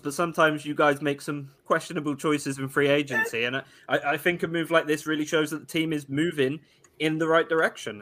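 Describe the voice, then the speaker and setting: A man joins a casual sports chat as a guest. His voice is bright and sits a little high. He talks in a measured way and restarts his sentences now and then. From Wales. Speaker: podcaster guest.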